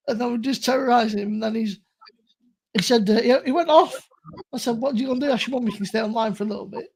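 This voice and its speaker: A man's voice: very high voice, fast, vocal fry, breathy edge. A young man in casual live-stream banter, laughing and joshing while he tells stories and mimics his mates.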